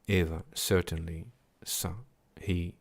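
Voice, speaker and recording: A man slowly reading and explaining devotional scripture, chanting at times, pausing to reflect and repeating his words. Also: low voice, level tone, vocal fry. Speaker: scripture reader. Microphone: computer mic on a livestream.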